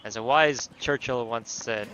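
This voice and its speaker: A man's voice: mid-range voice, unhurried, a bit bright, lo-fi sound, a little hiss or hum. A man casually commentating a story game, goofy and self-mocking, swearing freely. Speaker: gaming streamer. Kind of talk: casual let's-play commentary.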